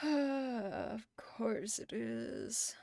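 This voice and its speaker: A woman's voice: fairly high pitch, drawn-out words, creaky, darkish tone, dry recording, clean studio sound. A woman hosting a livestream, chatting casually and reading viewer messages aloud, laughing often between lines. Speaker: livestream host.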